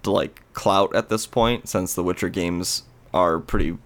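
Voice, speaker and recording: A man's voice: sits low, measured pace. A man co-hosting a podcast, chatting in an easygoing way, hedging with "I mean" and "like". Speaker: podcast co-host. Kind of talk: casual chat.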